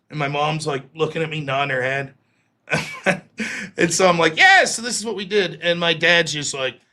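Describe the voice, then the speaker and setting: A man in his thirties hosting a live stream, telling a long personal story with lots of swearing and acted-out quotes. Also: fairly high pitch. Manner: profane, animated storyteller acting out quoted voices. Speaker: host.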